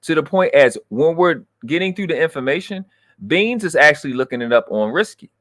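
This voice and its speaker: A man's voice: lively intonation, a little fast, dry recording, clean studio sound. Profane, fired-up man ranting on a livestream. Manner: profane, swings from low muttering to loud outbursts. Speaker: livestream host. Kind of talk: heated livestream rant.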